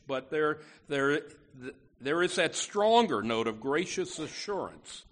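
A pastor delivers a sermon in an earnest, emphatic way, circling back over his words as he builds a point. His voice sits a little high and swings widely in pitch. He speaks slowly and deliberately. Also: a bit bright. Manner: earnest, emphatic preaching with frequent restarts.

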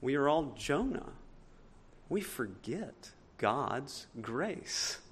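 A man preaching a sermon as pastor, swinging between loud emphatic points and quiet asides. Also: medium pitch, sing-song, very slow, breathy edge.

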